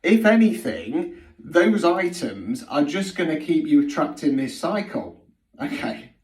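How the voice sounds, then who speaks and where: Recorded far from the mic in a roomy space, a middle-aged man gives a blunt, sweary spiritual healing talk straight to camera, constantly punctuating it with "okay?". His voice is on the high side and darkish, slow and sing-song.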